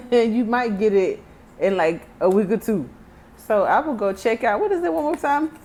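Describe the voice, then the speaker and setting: With a voice on the high side, lively intonation and a slightly mellow quality, this tarot reader speaks at a measured pace. She's a woman in her thirties from Texas with a Texan accent, reading card text aloud in a casual session full of chatty jokes.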